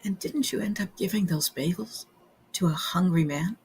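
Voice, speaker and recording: A woman voicing a kind old grandfather gently coaxing his grandson in a children's story. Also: on the low side, moderate pace, creaky, a little hiss or hum. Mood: gentle. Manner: gentle, patient, coaxing questions.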